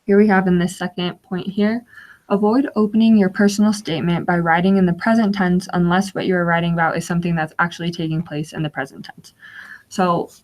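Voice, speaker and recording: A young woman with a lowish voice teaches over a webinar. She explains each slide patiently and fills pauses with small fillers. It sounds like a computer mic on a video call. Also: level tone, a little mellow. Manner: explanatory, walks through slides with frequent fillers. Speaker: webinar guest speaker. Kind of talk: instructional webinar presentation.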